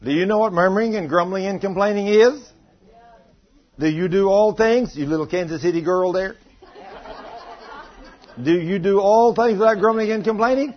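Husky preacher telling folksy stories. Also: male voice, high-pitched, moderate pace, pauses often. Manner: folksy storytelling, teasing the congregation. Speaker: pastor. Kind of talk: sermon. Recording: dull lo-fi sound.

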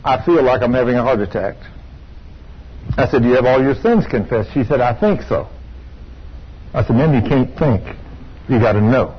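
Older preacher, husky, storytelling sermon with excited praise, dull recording. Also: male voice, medium pitch. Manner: storytelling, rising to excited exclamations. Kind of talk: sermon with testimony. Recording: dull lo-fi sound.

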